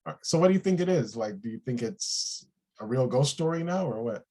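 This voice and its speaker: A man co-hosting a casual TV review chat, relaxed and thinking aloud with many pauses and fillers. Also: mid-range voice. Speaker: co-host of a TV review show.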